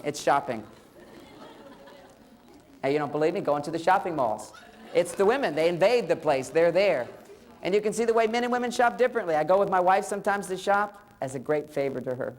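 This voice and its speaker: Middle-aged male speaker, comic lecture delivery, plays both sides of the dialogue. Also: on the high side. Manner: playful, acts out dialogue. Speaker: relationship speaker. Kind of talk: humorous lecture.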